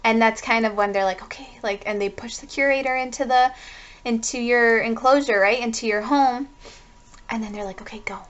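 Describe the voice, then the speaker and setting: A woman's voice: on the high side, moderate pace, dull audio. A woman giving a casual spiritual tarot reading, rambling with lots of "like" and the odd swear word. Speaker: tarot reader.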